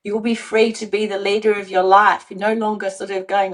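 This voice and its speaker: A woman's voice: mid-range voice, steady tone, moderate pace, hardly any pauses, rough recording. An earnest woman in the role of an emotional-wellbeing coach, guesting on a podcast to give a motivational teaching talk. She leans on key words and repeats them for emphasis. She slips into the voices of example speakers as she explains.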